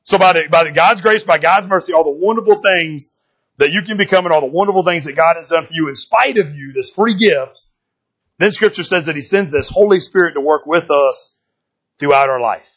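Man, preacher, casual church talk, husky voice, slightly muffled recording. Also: fairly high pitch, brisk, fairly bright tone. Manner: conversational, keeps asking "right?"; folksy, joking slang. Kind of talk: casual sermon.

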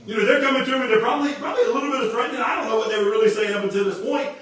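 A man preaching a casual, energetic sermon, slangy and animated, often repeating words as he restarts. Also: very high-pitched, very fast. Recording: very echoey room, distant mic.

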